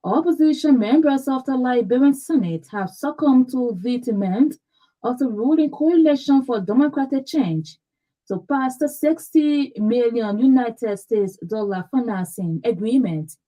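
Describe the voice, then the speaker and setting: Mellow woman reading a news bulletin. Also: a little high, lively intonation, low-quality recording. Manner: measured, formal reading with slips. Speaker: newsreader. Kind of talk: read radio news bulletin.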